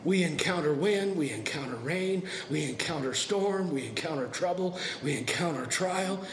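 A man pastor preaching a sermon to a congregation, swinging between soft and dramatic delivery. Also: on the high side, lively intonation, normal speed, roomy sound, crowd noise. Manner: preaching with dramatic shifts, acting out voices. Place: church sanctuary.

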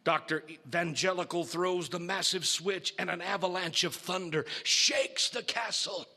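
A man preaching a sermon, telling a story in a theatrical, slow manner. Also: high-pitched, bright, forceful tone, slightly rough.

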